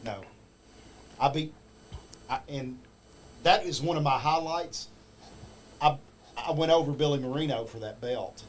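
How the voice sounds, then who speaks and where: A man's voice: a little high, unhurried, long pauses, slight background noise. A man from the United States speaking in casual chat, emphatic and a bit boastful.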